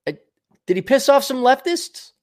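Very high and slightly mellow, this man's voice swings widely in pitch as he hosts a casual livestream. He goes through viewer donations and vents bluntly with heavy swearing, his rapid, loose speech full of fillers and false starts.

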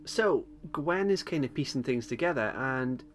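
A man co-hosting a podcast, recapping an episode in relaxed chat, laughing often and pausing with lots of ums. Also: mid-range voice, slight background noise. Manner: chatty, laughs often, hesitant with many ums. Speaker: podcast co-host.

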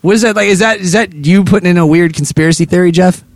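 A man's voice: sits high, quick pace, dry recording. A man hosting a comedy show, rambling playfully through his jokes and poking fun at himself. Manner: playful, rambling, self-mocking. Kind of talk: comedic banter.

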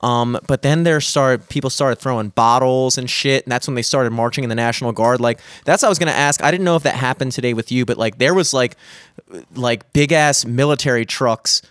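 A young man in casual chat, telling a profane, animated story and mimicking the people in it. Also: medium pitch, fairly quick, dry recording, clean studio sound.

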